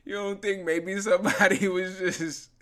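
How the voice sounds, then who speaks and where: A man with a somewhat high voice banters and jokes in a lively way, full of slang. He is co-hosting a casual comedy podcast over a video call. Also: unhurried. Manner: animated, laughing banter with slang. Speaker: podcast co-host.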